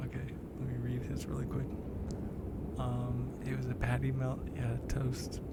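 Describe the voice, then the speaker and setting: Whispering man with a gravelly, flat voice. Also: medium pitch, unhurried, very noisy. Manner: soft whispering, chatting with viewers. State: a bit congested. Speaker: ASMR live streamer. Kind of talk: whispered ASMR live chat. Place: lying down.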